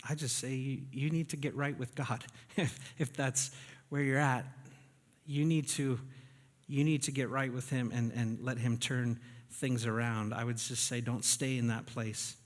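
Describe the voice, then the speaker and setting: A man's voice: mid-range voice, steady tone, a little slow. A man preaching a sermon from Canada, talking in a conversational, self-deprecating storytelling way with easy laughs. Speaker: pastor. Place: church sanctuary. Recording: long reverb of a church hall.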